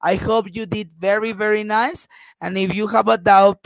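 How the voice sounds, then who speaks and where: Woman teacher, patient and repetitive, middle pitch. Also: steady tone, no room sound, low-quality recording. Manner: patient, repeats words slowly, frequent "uh-huh" fillers. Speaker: English teacher. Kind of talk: online phonetics lesson.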